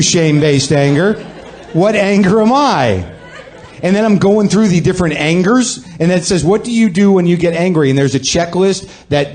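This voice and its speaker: A man's voice: a little high, a little mellow. A man with a slightly raised voice rants through a comic monologue. He is sardonic and self-deprecating, and he performs to a live audience. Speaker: podcast host.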